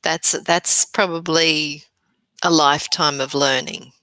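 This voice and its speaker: A woman's voice: deep voice, fairly even intonation, slow, sharp tone, dry recording, rough recording. A woman co-hosting a casual live chat over a remote call, agreeable, with short affirming replies. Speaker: co-host of a live morning chat.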